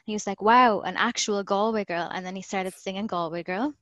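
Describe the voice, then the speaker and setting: A woman's voice: medium pitch, brisk, fairly bright tone, no echo, lo-fi sound. An Irish woman in her thirties talks as a podcast guest, chatty and easy, often laughing and acting out lines she quotes. Her voice sits in a middle register. The recording is dry, from a remote call. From Ireland. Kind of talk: casual storytelling in an interview.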